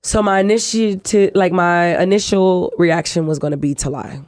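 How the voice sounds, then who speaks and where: A middle-aged woman, a guest telling her life story in an interview, animated and acting out the voices in her quotes. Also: lowish voice, normal speed, dry recording.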